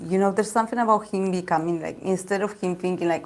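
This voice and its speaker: A woman's voice: mid-range voice, fast talker, few pauses, a little mellow. A woman giving a casual tarot reading, rambling and repeating herself with lots of fillers. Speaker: tarot reader.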